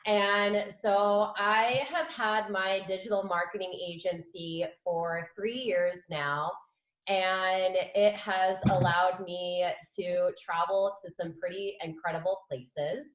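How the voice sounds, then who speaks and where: A woman's voice: mid-range voice, steady tone, slow pace, echoey room, rough recording. A woman from San Diego, a guest talking enthusiastically and with laughter in casual chat. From San Diego, California.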